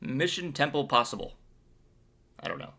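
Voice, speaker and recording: Upbeat, bright-voiced man joking through scripture. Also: medium pitch, very animated, moderate pace, vocal fry. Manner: playful and joking; upbeat and enthusiastic. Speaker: Bible video host. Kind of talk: casual Bible commentary.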